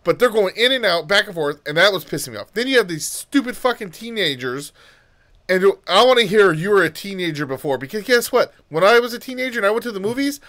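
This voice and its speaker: A man's voice: high voice, lively intonation, fast, sharp tone. A man co-hosting a podcast, ranting heatedly and profanely in casual chat. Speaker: podcast co-host.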